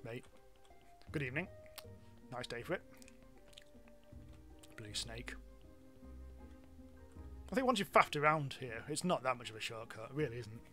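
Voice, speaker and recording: A man's voice: mid-range voice, expressive, unhurried, pauses often, fairly bright tone, faint music behind. A British man streaming a game live, chatting casually and rambling with self-mocking asides and frequent ums. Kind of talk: live gameplay commentary.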